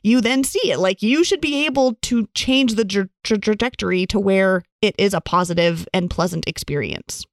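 A woman's voice: mid-range voice, normal speed, few pauses, no room sound, clean studio sound. A woman in casual podcast conversation, talking earnestly with lots of "like" fillers. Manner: earnest, animated, many "like" fillers.

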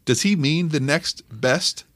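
Deadpan wry male podcast host. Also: on the high side, slow, dry recording. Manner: dry, wry, deadpan timestamp intros. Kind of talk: comedic commentary on clips.

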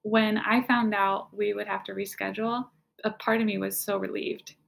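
A woman tells her own story as a guest, talking casually and dropping "like" into her sentences. Her voice is heavily creaky and gravelly throughout, with a relaxed, conversational delivery. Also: medium pitch, moderate pace. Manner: casual, conversational, fills speech with "like". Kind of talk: personal storytelling.

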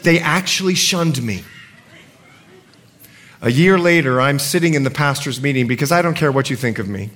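A male pastor preaching a sermon, telling stories with animated swings from shouting to quiet. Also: medium pitch, normal speed, long pauses.

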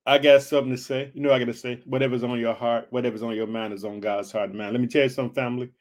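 A man's voice: mid-range voice, flat delivery, rapid-fire. A man from Illinois hosting a faith podcast, preaching in a fervent, repetitive way and calling his listeners family. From Illinois, United States. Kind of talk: encouraging podcast sermon.

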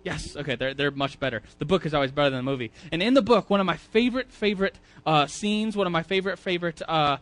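A man's voice: on the high side, fast, few pauses, a bit bright, dry recording. A man teaching a Sunday school class in a church, talking casually, often repeating words and asking the audience questions. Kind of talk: casual sermon.

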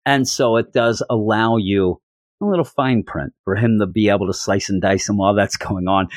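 A man's voice: fairly low pitch, steady tone, moderate pace, dry recording, studio quality. A middle-aged man casually and enthusiastically recapping a story, rambling, repeating words and acting out the dialogue. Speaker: comic book reviewer.

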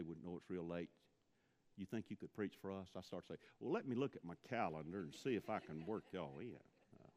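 Deep-voiced preacher in a reverberant hall. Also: male voice, darkish tone. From Mississippi. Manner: storytelling, rising to impassioned pleading. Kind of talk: sermon.

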